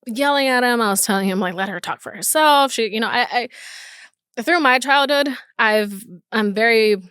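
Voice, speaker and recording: A woman's voice: on the high side, normal speed, a bit bright, clean tone, no room sound, studio quality. A woman hosting her own podcast, telling a personal story in a candid, casual way, swearing often and restarting her sentences. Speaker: podcast host.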